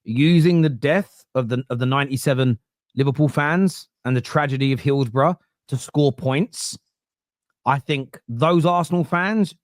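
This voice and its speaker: A man's voice: medium pitch, no room sound, clean studio sound. A man on a football podcast panel, arguing earnestly and emphatically, often restarting his sentences. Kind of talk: casual football debate.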